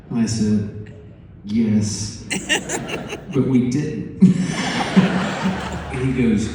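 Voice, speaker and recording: A man telling an animated story on stage, acting out phone calls with profane asides. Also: lowish voice, slow, long pauses, noisy background. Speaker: musician interviewed on stage. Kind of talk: storytelling interview before a live audience. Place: large conference hall. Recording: echoey hall, distant mic.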